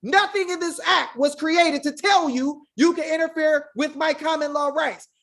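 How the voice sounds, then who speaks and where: An online legal rights commentator with a high-pitched voice gives her viewers a fiery, preachy monologue, piling up rhetorical questions and repeatedly calling them y'all. Her tone stays steady and her pace moderate.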